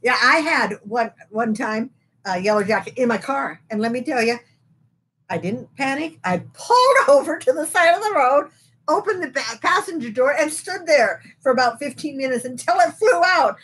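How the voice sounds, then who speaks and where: A middle-aged woman chats on a live podcast in a husky, slightly high voice. She tells long, homey anecdotes, often circling back and repeating words as she goes. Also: animated, moderate pace, a bit bright. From western United States. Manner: chatty storyteller, repeats words while telling anecdotes. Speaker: podcast co-host. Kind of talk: casual chat.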